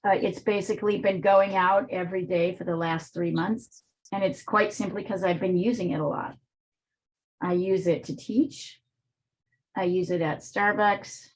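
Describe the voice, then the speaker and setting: A woman's voice: on the low side, steady tone, normal speed. A woman art teacher with a weak, strained voice, chatting and thinking aloud while she demonstrates drawing in a live online class, with plenty of fillers.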